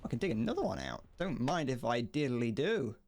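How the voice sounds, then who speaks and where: A man's voice: mid-range voice, very animated, fairly quick, darkish tone. Rambling, joking male game streamer. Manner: rambling, joking, swears freely. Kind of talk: casual gameplay commentary.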